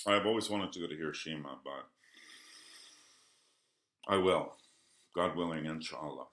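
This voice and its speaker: A man vlogging a rambling early-morning monologue. He swings between low mutters and heated outbursts, swears, and keeps apologizing. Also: moderate pace, fairly bright tone. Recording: roomy echo.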